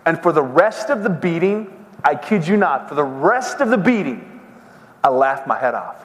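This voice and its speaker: A middle-aged man telling a story and preaching to a men's seminar, with animated, dramatic storytelling. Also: a little high, normal speed. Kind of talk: sermon with storytelling. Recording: long hall reverb.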